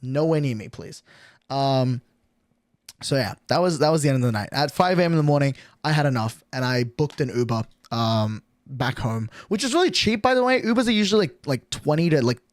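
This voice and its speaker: A man's voice: medium pitch, animated, fairly quick, no echo, clean studio sound. A young adult man streaming, telling a story casually to his chat, swearing often and filling with "like". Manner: crude, swears a lot, lots of "like" fillers.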